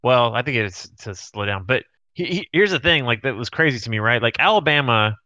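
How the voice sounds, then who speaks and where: Bright-voiced teasing man. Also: medium pitch, animated, a little fast, no echo, lo-fi sound. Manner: teasing, builds arguments. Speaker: podcast co-host. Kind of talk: casual chat.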